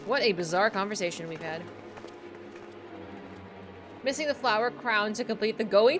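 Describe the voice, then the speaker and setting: A woman's voice: medium pitch, moderate pace, pauses often, over music. A young woman streaming a game, chatting casually with valley-girl phrasing, frequent "like" and "literally," and the odd swear word. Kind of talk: casual gaming livestream chat.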